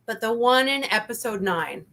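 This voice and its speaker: High-pitched woman with a bright voice, ranting emphatically in a casual review chat. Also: normal speed. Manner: animated, emphatic ranting with frequent repeats. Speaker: channel host.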